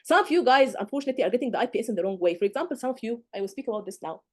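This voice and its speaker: A woman tutor lectures at a rapid clip, her voice pitched a little high. She is emphatic and scolding, piling on rhetorical questions and mimicking what students get wrong. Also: expressive. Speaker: medical exam tutor. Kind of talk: live online lecture.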